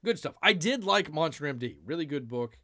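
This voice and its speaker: A man hosting a live-stream news chat, rambling and speaking of himself in the third person, with drawn-out sighs and mumbled asides. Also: fairly high pitch, animated, sharp tone. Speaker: show host.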